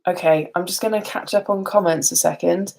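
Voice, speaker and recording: A woman's voice: lowish voice, steady tone, fairly quick, creaky, a little mellow. A tired woman chatting casually on a live stream, rambling and laughing often. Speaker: beauty vlogger.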